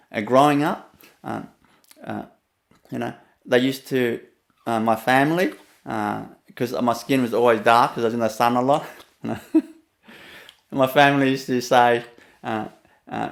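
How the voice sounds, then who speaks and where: A man from Vietnam with a Vietnamese accent, a spiritual teacher telling a personal story, laughing often between phrases and pausing on fillers. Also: mid-range voice, gravelly.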